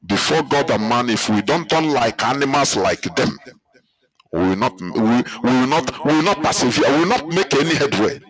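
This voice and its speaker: A man with a Nigerian accent giving heated political commentary, emphatic and repetitive, his pitch climbing as he presses his points. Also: animated, normal speed, fairly bright tone, low-quality recording. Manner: angry, emphatic, repeats himself, rises in pitch. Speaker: commentator reacting to a clip.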